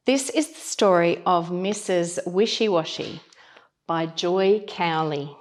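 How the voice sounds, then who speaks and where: A woman reading a picture book aloud to young children, slow and expressive, doing voices for the animals. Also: fairly low pitch.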